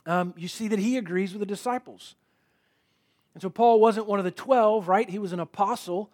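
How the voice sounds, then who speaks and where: A man with a high voice delivers a sermon in an earnest, emphatic way. He reads scripture aloud and poses rhetorical questions to his listeners. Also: darkish tone. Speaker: preacher.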